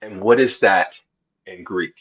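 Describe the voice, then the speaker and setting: A man talking earnestly and slowly about Bible verses in a casual discussion, often restarting his sentences. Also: deep voice, husky, lo-fi sound. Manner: slow, earnest preaching tone with many restarts. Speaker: co-host of faith podcast.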